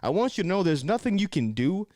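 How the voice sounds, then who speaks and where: A young man from Southern California talking casually to camera, animated and slangy, often saying man and bro. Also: high-pitched, fast talker, no room sound, studio quality. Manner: animated, slips into mocking voices. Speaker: vlogger.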